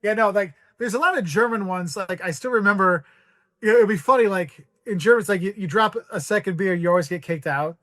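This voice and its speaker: On a podcast, a guest in his forties rambles through travel stories, acting out the voices of people he quotes in casual storytelling. His voice sits high and a bit bright, and he speaks briskly. The studio sound is clean, with no echo.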